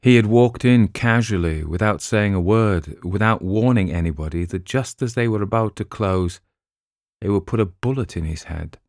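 A man reading a crime novel aloud in a measured way, with the odd filler sound. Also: fairly low pitch, a little mellow, no echo, clean studio sound. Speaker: audiobook narrator.

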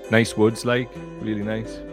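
A man's voice: fairly low pitch, completely flat delivery, unhurried, music in the background. A man hosting a casual live-stream chat from a cellar, rambling and jokey. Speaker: show host. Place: temporary cellar room.

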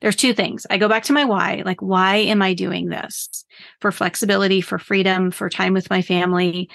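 Brief: woman guest coach, upbeat and earnest, gravelly, dry close sound. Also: mid-range voice, steady tone, normal speed, fairly bright tone, no echo. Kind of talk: casual podcast interview.

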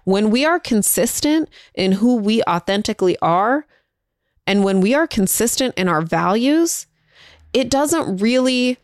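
A woman's voice: on the high side, animated, unhurried, dry recording, studio quality. A mother talking casually and encouragingly to viewers, sharing parenting advice in a conversational, folksy way.

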